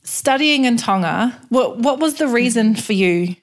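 A woman's voice: on the high side, expressive, unhurried. A woman interviewing a guest, asking questions in a casual, teasing way.

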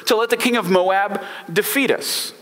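A desperate ancient king complains in a pitched-up, exasperated voice with casual modern slang, a preacher acting him out. The tone is bright and forceful. The voice rings with a long reverb, as in a big hall. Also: a little fast, close to an everyday voice. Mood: panicked, exasperated.

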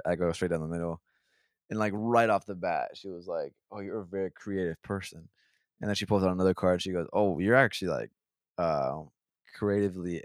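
A man's voice: sits low, darkish tone, dry recording, clean studio sound. A young man telling a rambling, profane story in a casual podcast chat. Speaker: podcast co-host.

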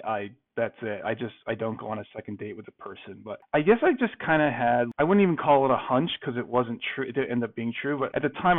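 A man spins a casual, animated story, jumping into quoted voices as he goes. His sound is thin and phone-like, as if he is calling in remotely. His pitch sits in an ordinary middle range. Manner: animated, acts out both sides of the story. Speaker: guest telling a dating story. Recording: phone-like remote call audio.

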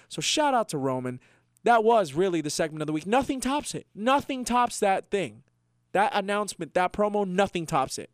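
A man's voice: fairly high pitch, clear, resonant tone, no room sound, clean studio sound. A young man co-hosting a wrestling podcast in casual chat, emotional and emphatic. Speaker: podcast co-host.

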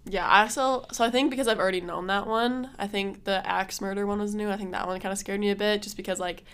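A woman's voice: mid-range voice, steady tone, fast talker, a bit bright, clear, resonant tone. Chatty girl cohost, lots of "like"s, casual podcast talk. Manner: chatty, full of "like" fillers. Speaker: podcast co-host. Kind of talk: casual chat.

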